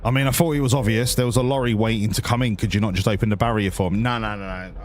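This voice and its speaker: A man's voice: on the low side, steady tone, racing, darkish tone. A man streaming a driving game, chatting in sarcastic, sweary banter as he plays. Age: adult, grew up before the 1980s. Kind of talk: live gameplay commentary.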